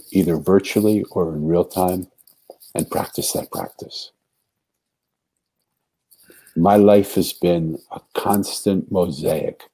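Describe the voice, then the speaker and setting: A man's voice: low-pitched, warm tone, breathy edge. A man as a podcast guest, telling a long story in an earnest way and acting out the voices of the people in it. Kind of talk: storytelling in a conversation.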